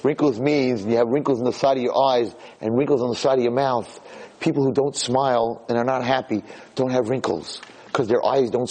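A man telling a story to an audience as a religious lecturer, animated and emotional, often rambling. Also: medium pitch, slight background noise. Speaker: Torah lecturer.

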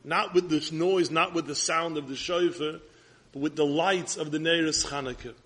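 A man preaching a sermon with Ashkenazi Hebrew pronunciation, his voice fairly high and husky. He speaks earnestly, building toward urgent appeals. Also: steady tone, normal speed, a bit bright.

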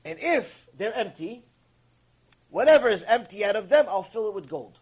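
A devout, generous benefactor, played by a man telling the story, who speaks earnestly and pleads in prayer. The voice is high for a man and sincere. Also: expressive, moderate pace, darkish tone, slightly rough, rough recording. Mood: persuading.

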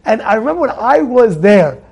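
A man teaching an informal Torah class in a synagogue study hall, animated and repetitive, firing rhetorical questions at his listeners. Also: high-pitched, moderate pace, gravelly, husky. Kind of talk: informal Torah lesson to a congregation.

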